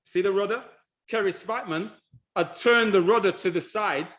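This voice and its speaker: A man giving a lively presentation on history and culture, animated and repeating himself, with frequent restarts. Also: high voice, moderate pace. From United Kingdom.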